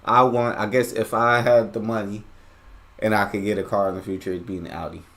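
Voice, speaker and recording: Playful low-voiced reaction host. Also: male voice, little pitch movement, a little fast, fairly bright tone. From United States. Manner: playful, repeats words to try them out. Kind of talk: casual reaction commentary.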